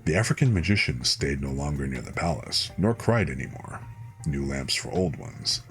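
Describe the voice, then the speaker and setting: A man calmly reading a fairy tale aloud as a bedtime story, unhurried, with small slips he corrects. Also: a bass voice, faint music behind. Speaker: streamer reading fairy tales.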